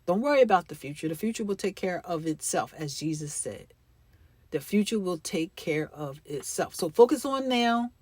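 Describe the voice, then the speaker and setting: A woman's voice: lowish voice, expressive, normal speed, a little mellow, slightly rough, no echo. A woman hosting a faith-based motivational podcast. She talks in an emphatic, encouraging way and repeats her key phrases. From United States. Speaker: podcast host.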